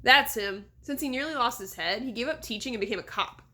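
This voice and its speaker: Brief: brash fairy boy, swaggering, loud, read by a woman. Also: a little high, brisk. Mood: cocky. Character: boastful flying fairy boy, cocky.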